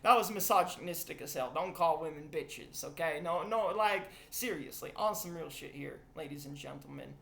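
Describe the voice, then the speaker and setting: A man's voice: fairly high pitch, normal speed, creaky, hardly any pauses, fairly bright tone, echoey room. A young man vlogging a confessional rant, rambling, swearing and emotional. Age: young adult.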